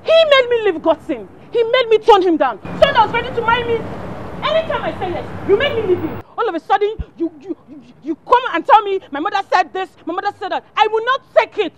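A fiery young fiancée, high-pitched and rapid, full of threats. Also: female voice, expressive, a little hiss or hum. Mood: furious. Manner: shouting, threatening. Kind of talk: film drama.

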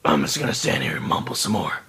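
A gamer putting on a deep, gravelly, mumbling voice to mock a brooding male video game hero. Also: very animated, fast talker, a bit bright, full character voice. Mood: sullen mumble. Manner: mumbling, near-whispered growl.

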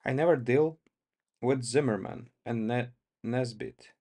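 A man's voice: medium pitch, measured pace, warm tone. A man reading as a firm cattle-queen wife. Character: firm, commanding ranch-owning woman.

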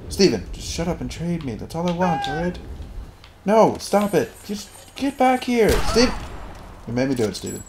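A man's voice: fairly high pitch, sing-song, moderate pace, background noise. Goofy, crude male gaming commentator. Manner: goofy, crude jokes and loud outbursts. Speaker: gaming channel host. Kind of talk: gameplay commentary.

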